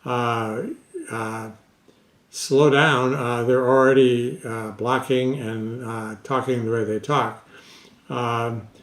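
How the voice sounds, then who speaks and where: A man who is a stuttering specialist, giving casual advice to camera in an unhurried way with many pauses and fillers. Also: medium pitch, echoey room.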